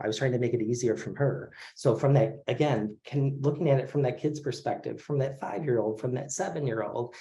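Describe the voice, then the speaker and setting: A man in his forties teaching an online therapy class, talking in a relaxed, conversational way with many fillers over a video call. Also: mid-range voice. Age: 40s. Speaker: craniosacral therapy instructor. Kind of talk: casual online lecture.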